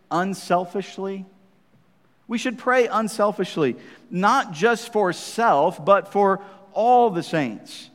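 A man's voice: sits high, fairly bright tone, long reverb tail. A man preaching a sermon as pastor, talking conversationally to the congregation and often checking in with "right?" asides.

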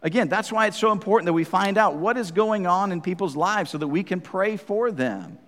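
A man's voice: high voice, a little fast, fairly bright tone, big-room sound. A man preaching a sermon as pastor, talking conversationally to the congregation and often checking in with "right?" asides.

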